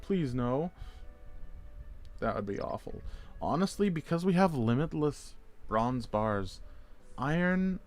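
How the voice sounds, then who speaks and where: A man's voice: mid-range voice, clear, resonant tone. A man streaming a game, chatting casually and rambling as he reacts to viewers' messages with playful jokes. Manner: jokey, playful wordplay. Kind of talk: casual gameplay chat.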